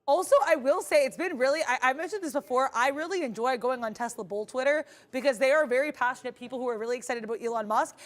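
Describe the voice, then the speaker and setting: A woman's voice: high voice, fast, few pauses. Upbeat, rambling woman trading host. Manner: upbeat, rambling, many fillers and restarts. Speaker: day-trading stream co-host. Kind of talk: live trading commentary.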